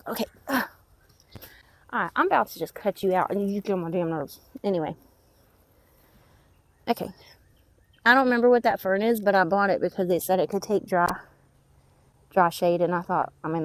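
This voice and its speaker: A woman's voice: on the low side, a little mellow. A woman gives a casual walk-through of her backyard garden, chatting and muttering at her plants as she goes. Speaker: gardening vlogger.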